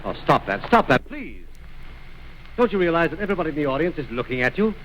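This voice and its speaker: A courtly man presents a film's cast in formal stage speech, his pitch rising and falling with lively movement. His voice sits a little high. Faint hiss lies under the old recording. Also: fast talker, lo-fi sound. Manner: courtly, politely mock-scolding. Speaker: trailer presenter.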